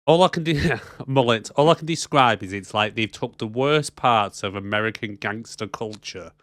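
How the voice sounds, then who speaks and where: A man's voice: fairly low pitch, moderate pace, fairly bright tone, dry recording. A man co-hosting a casual movie podcast, chatty and jokey, laughing often. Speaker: podcast co-host.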